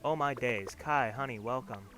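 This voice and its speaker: A man's voice: medium pitch, normal speed, natural voice. A man voicing a cheerful, chatty pregnant woman in a video game, with game music behind. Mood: welcoming. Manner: warm, chatty, welcoming.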